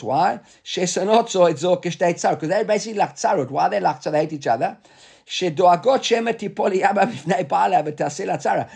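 A man's voice: high-pitched, vocal fry, darkish tone, husky. A man teaching a Talmud lesson, reading the text aloud, then explaining it in with frequent restarts. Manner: reads the Hebrew text aloud and then explains it in English, hesitant.

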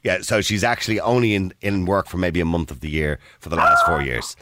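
A middle-aged man hosting a radio phone-in, blunt and opinionated, talking over his callers with quick asides. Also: low voice, huge pitch swings, sharp tone, no echo, studio quality. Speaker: radio talk show host.

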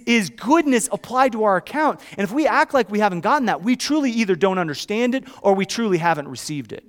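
A pastor preaching a conversational sermon, moving between hushed storytelling and loud, emphatic declarations, with frequent restarts and check-ins with the congregation. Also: male voice, sits high, expressive, brisk, hardly any pauses.

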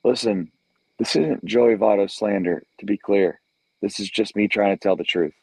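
Gravelly man ranting about baseball. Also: lowish voice, moderate pace, a little mellow, no echo, rough recording. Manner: blunt, emphatic, repetitive. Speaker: co-host. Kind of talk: heated sports podcast rant.

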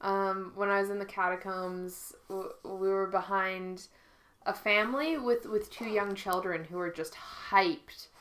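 A woman with a bright, crisp tone chatting casually with a co-host. She tells stories at an easy pace and laughs freely. Her voice is pitched around the middle for a woman. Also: fairly even intonation, unhurried. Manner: laughs often while telling stories. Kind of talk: casual chat.

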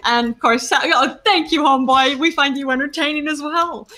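A woman's voice: sits high, fairly even intonation, normal speed, sharp tone. A woman hosting a live stream show, chatting casually and giggling as she relays comments. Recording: noisy line.

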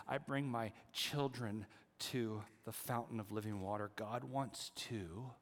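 A middle-aged man preaching a sermon as pastor, moving between hushed, prayerful near-whispers and lively storytelling. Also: mid-range voice. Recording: long hall reverb.

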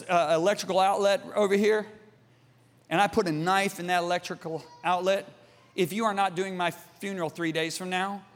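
A middle-aged man preaching a sermon, emphatic and theatrical, jumping from shouts to hushed asides. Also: high voice, big-room sound.

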